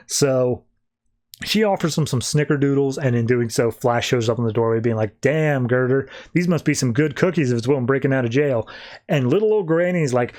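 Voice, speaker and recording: A man casually recapping a comic on a podcast, slipping into quick, loose character voices as he retells each scene. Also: medium pitch, a little mellow. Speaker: podcast co-host.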